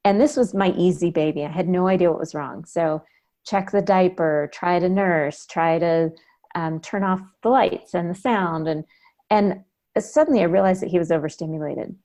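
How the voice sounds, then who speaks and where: A woman in her fifties, appearing as a guest on a podcast, reflects on a personal story and voices the lines of the people involved. Her voice sits on the low side and is warm, at a normal speed. She tells it vividly, quoting dialogue as she goes.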